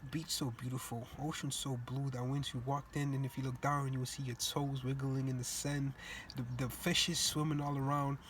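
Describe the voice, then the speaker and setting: Young man from Cape Verde, reflective storyteller, relaxed casual phrasing, faint noise underneath. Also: medium pitch, normal speed. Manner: reflective, earnest, loose casual grammar. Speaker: student speaker. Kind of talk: personal storytelling speech.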